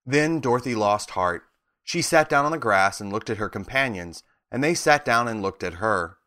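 A man reading a children's storybook aloud with expressive narration. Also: on the low side, normal speed. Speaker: reader.

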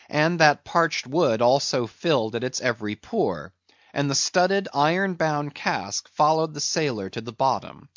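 Expressive male audiobook narrator. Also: medium pitch, no echo, muffled recording. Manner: measured, expressive storytelling. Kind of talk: reading a classic novel aloud.

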